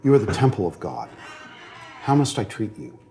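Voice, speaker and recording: A man's voice: on the low side, very animated, moderate pace, creaky, mellow, faint music behind. A man lecturing as a seminary professor in a classroom, earnest and at times emotional, often checking whether his students follow. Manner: earnest, grows emotional on moving points; frequent fillers and restarts.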